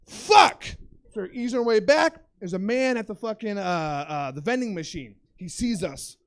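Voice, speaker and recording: High-voiced young male stand-up comic. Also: moderate pace. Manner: animated, profane storytelling, bursts into shouted impressions. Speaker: stand-up comedian. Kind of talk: stand-up comedy set. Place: comedy club stage.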